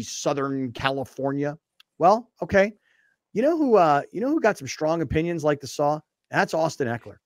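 Sports radio host, male, lively and a bit higher voice, dry studio sound, cast as a chatty teasing talker. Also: dry recording. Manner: animated, mocking, shifts into impressions. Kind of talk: casual sports talk.

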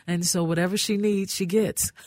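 A woman's voice: lowish voice, no echo, studio quality. An older woman hosting a call-in radio show, affectionate with callers and calling them honey. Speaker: radio host. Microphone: studio mic.

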